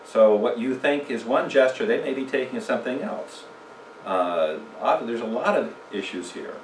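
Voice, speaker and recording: A man's voice: medium pitch, lively intonation, moderate pace, slight background noise. A man teaching a church communication seminar in a conversational way, putting questions to the audience and telling jokes. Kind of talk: casual church seminar talk. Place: church room. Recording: echoey room, mic from a distance.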